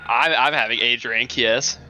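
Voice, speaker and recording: A man's voice: mid-range voice, fairly even intonation, normal speed, background noise. A man in a casual group chat over a game he plays, rambling and searching for words. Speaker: let's play commentator.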